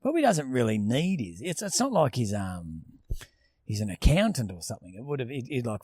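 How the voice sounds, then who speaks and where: A man's voice: mid-range voice, huge pitch swings, brisk, warm tone, breathy edge, no room sound, studio quality. A young Australian man with an Australian accent, rambling and swearing as a podcast co-host in casual chat. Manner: rambling storyteller, swears freely.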